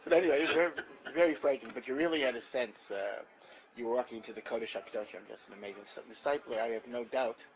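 Older man, Torah teacher, animated, repeats phrases, muffled lo-fi recording. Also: medium pitch, rapid-fire, a little hiss or hum. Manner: animated storyteller, repeats himself. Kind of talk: lecture-style Torah class.

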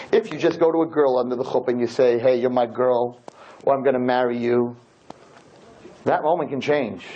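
A man teaching a class as a rabbi, telling stories in an animated, joking way and acting out the scenes. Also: mid-range voice. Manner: animated, jokey, acts out scenes. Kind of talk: lively storytelling lesson. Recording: dull lo-fi with faint noise.

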